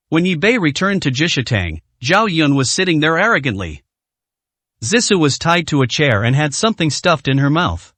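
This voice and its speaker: A man narrating a translated martial arts story in steady scripted storytelling. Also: fairly high pitch, normal speed, no room sound.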